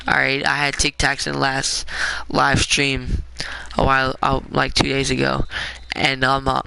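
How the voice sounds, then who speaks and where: A young man with a raspy, smoker-like voice, giving rambling, offhand commentary while streaming a game. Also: mid-range voice, completely flat delivery, normal speed, bright, forceful tone, poor audio. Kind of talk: casual gameplay commentary.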